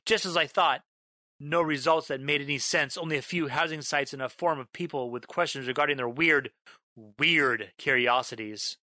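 A man tells a first-person horror story in a bright, clear voice, recorded close with no room sound. His delivery is dramatic, stretching out a haunting refrain and erupting into shouts as the tension mounts. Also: mid-range voice, no room sound. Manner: dramatic, slows down on a repeated line, bursts into yelling. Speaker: narrator.

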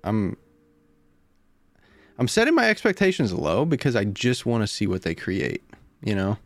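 A man's voice: lowish voice, huge pitch swings, normal speed, no echo. A man hosting a podcast, chatting casually with a hyped, talkative manner. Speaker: podcast host. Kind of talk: casual chat.

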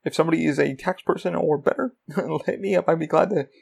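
A man's voice: fairly high pitch, quick pace, vocal fry, a little mellow, husky. A man hosting his own podcast, rambling casually about running a small business and swearing freely. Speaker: podcast host. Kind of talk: rambling solo podcast talk.

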